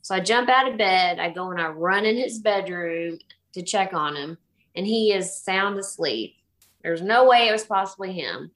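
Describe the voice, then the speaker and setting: A middle-aged woman telling a ghost story casually in an animated way, acting out the voices she quotes. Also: mid-range voice, normal speed. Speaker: guest telling a haunting story.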